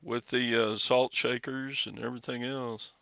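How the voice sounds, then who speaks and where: A man chatting casually in a laid-back, halting way on a dull lo-fi recording. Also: medium pitch, level tone, gravelly, a bit bright, no echo. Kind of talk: casual chat.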